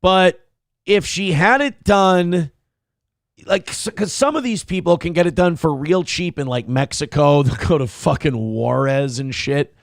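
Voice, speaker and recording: A man's voice: on the high side, no room sound, studio quality. A man hosting a live-streamed commentary show, rambling and joking crudely while reading out chat comments. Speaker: host.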